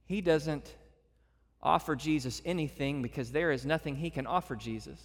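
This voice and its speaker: A man preaching a sermon as a pastor to his church, swinging between loud emphatic passages and soft hushed ones. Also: fairly high pitch, normal speed, big-room sound.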